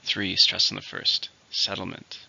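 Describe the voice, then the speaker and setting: A man's voice: fairly low pitch, moderate pace, vocal fry, pushed and bright, slight background noise. A man teaching English vocabulary, explaining words with some hesitation and example sentences. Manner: hesitant, with fillers and small restarts. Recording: muffled lo-fi recording.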